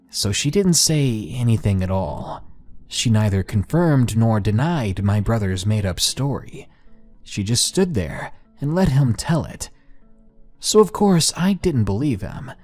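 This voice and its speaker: A man's voice: mid-range voice, darkish tone. A man narrating a first-person horror story in a scripted storytelling style.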